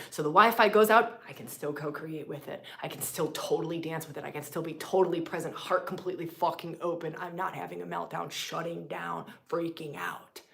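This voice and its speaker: A woman leading a spiritual teaching session live, swinging from loud, emphatic, profane lines to hushed whispers and repeating phrases for effect. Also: fairly low pitch, moderate pace, creaky. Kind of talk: impassioned spiritual teaching on a livestream.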